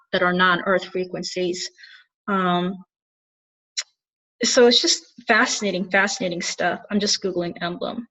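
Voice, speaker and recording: A woman's voice: medium pitch, bright, forceful tone. A woman who works as a spiritual channeler, talking earnestly to the camera and thinking aloud as she goes. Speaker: spiritual channeler and soul coach. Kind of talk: reflective solo talk to camera. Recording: dull lo-fi recording.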